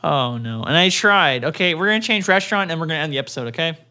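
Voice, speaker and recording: A man co-hosting a casual podcast, animated, swearing and laughing freely. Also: fairly high pitch, fast, clean tone. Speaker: podcast co-host.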